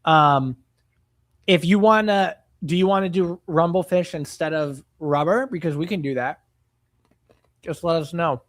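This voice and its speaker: A young man co-hosts a relaxed live stream, reading viewer messages and poll results aloud. His voice sits high for a man and comes through close and dry, with no room sound around it. He talks easily and loosely, often stopping to retell a comedy sketch. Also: measured pace, dry recording. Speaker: co-host of a movie reaction stream. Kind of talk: casual live-stream chat.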